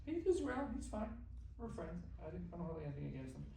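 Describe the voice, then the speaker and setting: A man's voice: high voice, fast, creaky, a little hiss or hum. A man, a dentist, giving a motivational talk to a group, acting out conversations and repeating phrases for emphasis. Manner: animated, acts out dialogue and repeats phrases for emphasis.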